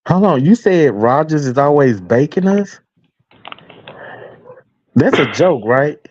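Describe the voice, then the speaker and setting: A man's voice: on the high side, lively intonation, takes it slowly, darkish tone, dull audio. A man panelist in a heated sports debate, combative and profane.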